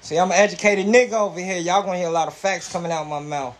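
A man's voice: high voice, steady tone, fast. A man in his forties from Indiana, chatting casually on a podcast, telling rambling, profane stories and laughing often. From Indiana, USA. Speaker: podcast co-host. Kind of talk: casual chat.

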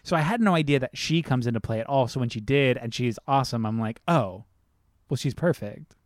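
An excitable man chatting about films, swearing casually and acting out scenes. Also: medium pitch, fast, dry recording, studio quality.

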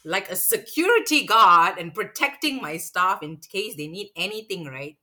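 A woman's voice: mid-range voice, normal speed. A woman with a Singaporean English accent, a cinema manager, casually telling a story and acting out what customers said. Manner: animated, acts out customers' lines with swearing.

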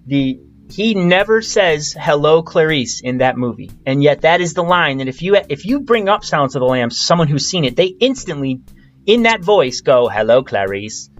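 A man's voice: a little high, animated, normal speed, highs cut off. A man hosting a podcast, chatting casually and quizzing his guest, with lots of fillers and restarts. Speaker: podcast host.

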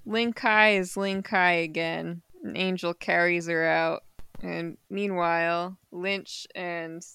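A woman's voice: fairly low pitch, fairly even intonation, slow, sharp tone, clear, resonant tone, no echo. A woman co-hosting a podcast, recapping a comic in casual chat with unsure asides and easy laughs. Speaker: podcast co-host.

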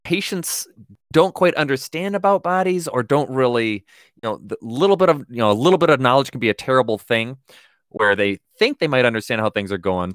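A man's voice: mid-range voice, a bit bright, no room sound, clean studio sound. A man hosting a casual podcast with medical colleagues, joking and playful. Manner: jokey, playful, riffs on words. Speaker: podcast host.

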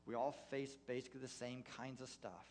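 A man, a pastor, preaching a sermon through a personal story, halting with many fillers and restarts. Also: mid-range voice, steady tone, a little mellow. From United States.

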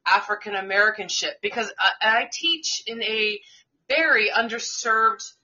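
A woman's voice: mid-range voice, moderate pace. Outspoken New woman co-host. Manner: animated, profane, outspoken. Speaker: co-host, teacher. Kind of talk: casual podcast chat. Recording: dull lo-fi audio.

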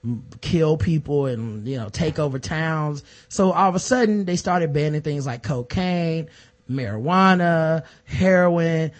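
A man co-hosting a casual news discussion podcast, talking in an animated way and acting out the voices of people he quotes. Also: fairly high pitch. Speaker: podcast co-host.

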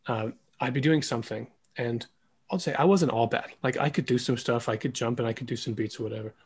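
A man interviewing a former mentor in a relaxed, self-deprecating way, with many fillers like "like" and "um". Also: medium pitch, brisk, husky. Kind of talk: casual conversational interview.

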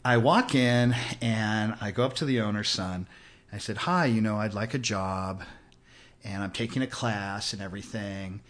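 A man's voice: lowish voice, a bit bright. A man in his sixties from Los Angeles, a podcast guest telling stories casually, acting out the voices of people in his anecdotes. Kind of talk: casual storytelling. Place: host's house.

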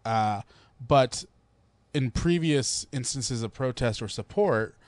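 A man's voice: mid-range voice, takes it slowly, no room sound. A man co-hosting a casual sports and politics podcast, steering the talk with questions. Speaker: podcast co-host and producer.

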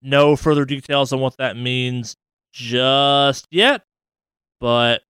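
A man's voice: mid-range voice, a bit bright, smooth, no echo. A man co-hosting a casual gaming news podcast, talking with rambling enthusiasm and swearing freely. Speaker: podcast co-host.

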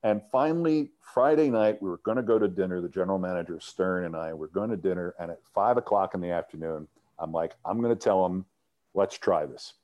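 Speaking fast, a middle-aged man who once hosted sports TV shares an anecdote as an interview guest, his voice fairly low and mellow. He's animated and keeps tripping up and restarting. The recording sounds muffled.

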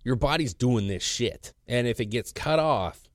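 A man's voice: mid-range voice, animated, unhurried, no echo, clean studio sound. A middle-aged man co-hosting a podcast in casual chat, crude and chatty, often saying "bro" and "you know what I'm saying.". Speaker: podcast co-host.

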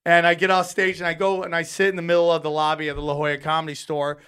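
A man's voice: a little high, fast, smooth. A man, a stand-up comedian, telling stories in a casual podcast chat, swearing freely and acting out the people he quotes. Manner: animated storyteller, swears freely, acts out quotes.

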